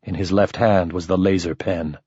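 A man narrating a first-person story in an expressive, lively manner. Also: sits low, normal speed, breathy edge, no echo, muffled recording. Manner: expressive, shifting voices for characters. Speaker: audiobook narrator.

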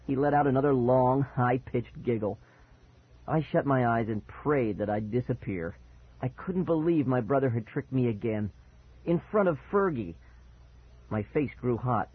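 Husky man narrating a spooky tale. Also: mid-range voice, normal speed, no room sound. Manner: expressive, dramatic storytelling. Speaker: audiobook narrator. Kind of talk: first-person story narration. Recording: dry, tinny phone-like sound.

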